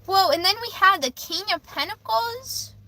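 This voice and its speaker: A woman's voice: very high voice, expressive, moderate pace, pushed and bright, low-quality recording. A young woman live-streaming a tarot reading, speaking emotionally, stammering and repeating herself. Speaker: livestreamer giving tarot readings.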